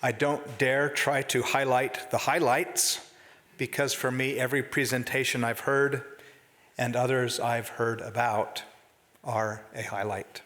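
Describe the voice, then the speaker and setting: A man giving a formal conference address in a slow, earnest and reflective manner. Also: medium pitch, steady tone, a bit bright, in a large hall. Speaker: conference speaker. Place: conference hall.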